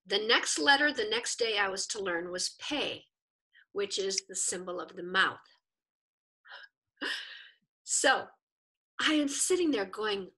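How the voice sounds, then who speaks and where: A woman teaching a lesson, telling a story in an animated way and acting out the people in it. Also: medium pitch, takes it slowly, long pauses. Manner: animated storyteller who acts out the people she quotes. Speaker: Bible and Hebrew teacher. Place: teaching a class with a screen.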